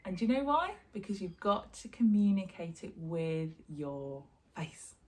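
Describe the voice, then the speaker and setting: A woman's voice: on the low side, big pitch swings, unhurried. A woman, a drama teacher, giving a chatty and encouraging online sign language lesson.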